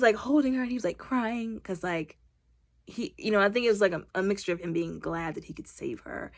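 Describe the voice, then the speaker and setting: Chatty woman reviewer, expressive, acts out scenes as she recaps. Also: lowish voice, gravelly. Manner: animated, acts out movie characters in quotes; heavy use of fillers like "like" and "you know". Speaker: movie reviewer.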